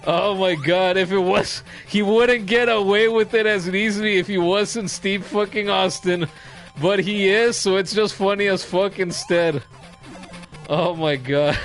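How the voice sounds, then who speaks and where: A man's voice: high-pitched, fairly even intonation, slow pace, a bit bright, soft background music. A man in his thirties streaming a game, chatting in a rambling, profane way and telling funny stories. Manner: rambling, profane, laughing storyteller. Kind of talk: casual chat while streaming.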